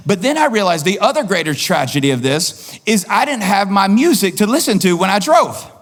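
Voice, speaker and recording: A male pastor preaching a sermon in an animated way, acting out quoted voices and repeating lines for emphasis. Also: high-pitched.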